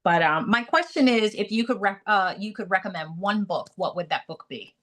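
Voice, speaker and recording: A woman's voice: medium pitch, lively intonation, moderate pace, fairly bright tone. A middle-aged woman chatting on a video call, talkative and full of fillers. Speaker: call participant. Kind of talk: casual chat on a video call.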